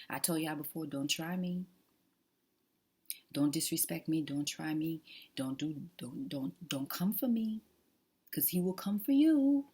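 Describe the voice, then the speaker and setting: A woman's voice: deep voice, darkish tone, slightly rough. A woman talking casually to her viewers in an emphatic, preachy way, often dropping to a whisper. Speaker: vlogger. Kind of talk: casual testimony chat.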